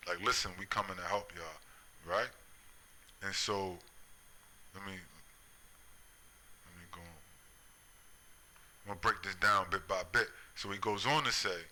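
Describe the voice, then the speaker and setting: A man's voice: fairly low pitch, pushed and bright, low-quality recording. A man giving an impassioned religious commentary monologue in a preachy way, often asking "right?" and building to an angry, raised voice.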